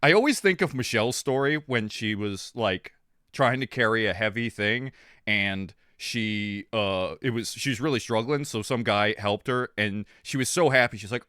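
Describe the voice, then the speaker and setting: Male streamer, rambling and animated, bright voice, coughing at times. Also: mid-range voice, moderate pace, no echo, studio quality. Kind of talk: casual stream chat.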